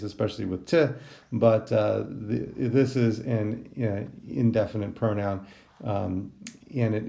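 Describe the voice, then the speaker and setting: His mid-range voice is warm and creaky as he works through a Greek translation lesson in a recorded lecture. He thinks aloud throughout, with frequent ums and restarts.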